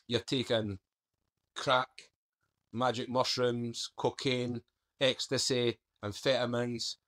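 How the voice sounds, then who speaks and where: A man's voice: mid-range voice, a bit bright. A man, a guest on a podcast, candidly recounting his past in an earnest storytelling manner. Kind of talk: interview.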